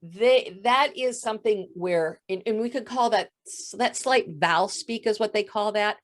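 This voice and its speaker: A woman voice coach with a touch of vocal fry, explaining voice habits in an interview. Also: medium pitch, moderate pace, hardly any pauses. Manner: explanatory, demonstrates voice faults. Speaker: voice coach guest. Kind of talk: interview answers.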